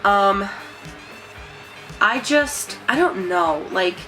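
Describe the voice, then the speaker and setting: A young woman chats to camera in a loose, rambling vlog manner, stringing thoughts together with plenty of fillers. Her voice sits at an ordinary pitch for a woman. Soft music plays faintly underneath. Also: expressive, drawn-out words, rough recording. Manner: chatty, rambling, many fillers and likes. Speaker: vlogger. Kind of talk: casual chat to camera.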